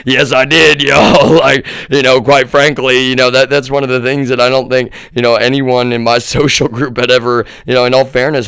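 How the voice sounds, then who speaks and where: A man's voice: mid-range voice, a bit bright, clean tone, no echo, clean studio sound. A young man hosting a livestream, rambling through a casual monologue to his viewers, calling them "y'all" and often restarting his sentences. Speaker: livestream host.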